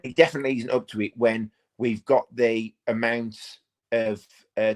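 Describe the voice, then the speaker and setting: Bloke doing a live fan watch-along from home, rambly chat, mid pitch, slips into play-by-play. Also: male voice. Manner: chatty, rambling, bursts into excited play-by-play. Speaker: fan channel host.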